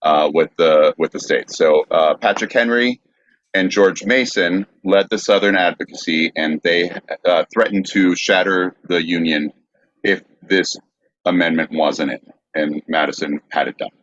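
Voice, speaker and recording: A very deep-voiced man hosting a podcast, reading history notes with halting fillers. The recording sounds dull and lo-fi. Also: a bit bright, dry recording. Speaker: host. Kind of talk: reading history in casual chat.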